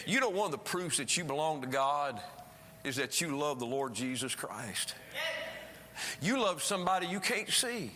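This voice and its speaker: A man preaching a sermon, swinging between emphatic rises and quiet drops as he speaks. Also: mid-range voice, big pitch swings, normal speed. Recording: preaching in a reverberant church hall.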